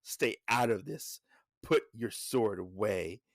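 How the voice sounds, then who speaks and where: A man's voice: on the low side, takes it slowly, gravelly, no room sound, full character voice. A man voicing an arrogant male cat who runs a gang and blusters threats in a voice close to his own. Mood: blustering. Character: arrogant gangster son, male cat boss.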